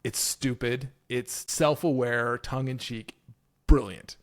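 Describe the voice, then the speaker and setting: A man's voice: medium pitch, fairly even intonation, slow. A man co-hosting a podcast in casual chat, enthusiastic and swearing freely. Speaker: podcast co-host.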